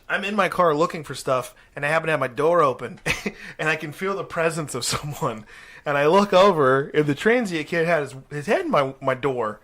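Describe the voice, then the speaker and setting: A man co-hosting a casual podcast, telling crude, animated stories from his life. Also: on the high side. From Portland area, US. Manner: crude, animated storyteller who acts out quotes. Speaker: podcast co-host. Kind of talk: casual storytelling chat.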